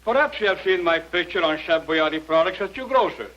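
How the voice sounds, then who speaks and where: A man giving a formal, courteous vintage ad pitch as a spokesman. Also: expressive, fairly quick, fairly bright tone. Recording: dull old ad recording.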